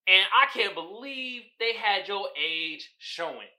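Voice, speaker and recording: A man's voice: high voice, takes it slowly. A man hosting a podcast, recapping a movie in a casual, profane, joking way. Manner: animated, profane storytelling with frequent laughter. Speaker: podcast host.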